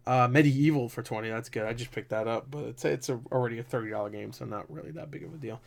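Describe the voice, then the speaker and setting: A man, a gaming vlogger, in casual commentary, excitable, swearing and laughing as he talks. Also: mid-range voice, quick pace, creaky.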